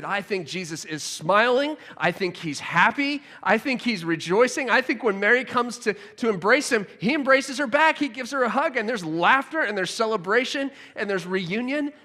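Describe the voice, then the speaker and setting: A man preaching a sermon, retelling a scripture scene with expressive storytelling that drops to a hush and rises with excitement. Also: sits high, normal speed, few pauses, big-room sound. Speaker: pastor.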